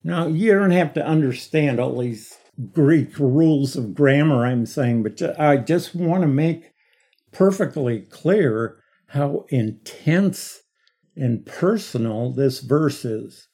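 A middle-aged man teaching a Bible study lecture, explaining slowly and stressing key words with emphatic repetition. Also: mid-range voice, expressive, warm tone, breathy edge.

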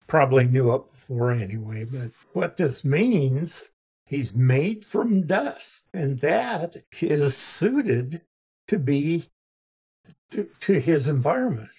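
A man teaching verse by verse through scripture in an unhurried, deliberate way. His voice is slightly husky, and he lays out each point methodically. He often drops into casual asides to his listeners. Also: on the high side, darkish tone. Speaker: Bible teacher.

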